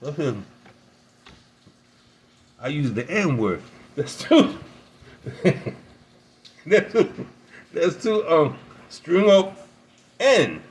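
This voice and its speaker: A man's voice: fairly high pitch, very animated, very slow, pauses often, rough recording. A man casually telling a long story, rambling, repeating words and laughing often. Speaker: pipe-smoking video host.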